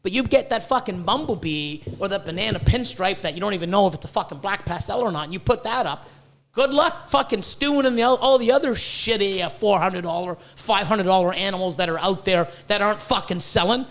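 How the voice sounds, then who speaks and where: A man's voice: sits high, animated, fairly quick, a bit bright. A man hosting a podcast, ranting bluntly with constant swearing about breeding reptiles. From Canada. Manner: profane, heated, blunt.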